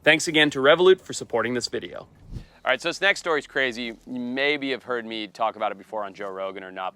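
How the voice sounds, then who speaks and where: A man, a wildlife biologist and TV host, telling a story in a casual, animated way. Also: lowish voice, clean tone. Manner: animated, acts out quoted voices.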